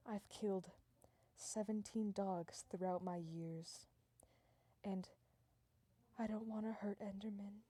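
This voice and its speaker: A woman voicing a dramatic young woman breaking up with her boyfriend, melodramatic and breathy, sliding into whispered confessions. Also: medium pitch, steady tone, takes it slowly, pauses often, dark tone, no echo. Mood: dramatic whispering.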